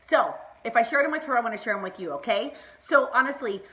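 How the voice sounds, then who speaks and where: A bubbly woman in her thirties talks straight to her live-stream viewers in a casual, fired-up pep talk. Her voice is bright and a touch high, and she laughs easily as she goes. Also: fast talker. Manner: bubbly, excitable, laughs often, greets viewers by name. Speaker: motivational vlogger hosting a live stream.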